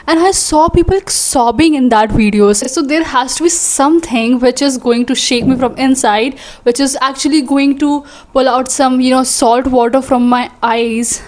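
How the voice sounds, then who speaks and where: A young woman with an Indian English accent, chatting excitedly and rambling as a book vlogger. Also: high voice, normal speed, few pauses. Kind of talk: casual vlog chat.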